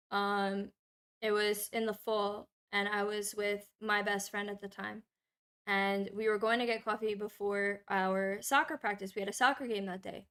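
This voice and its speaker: A young adult woman streamer telling a long personal story in casual, profane, animated chat. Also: medium pitch.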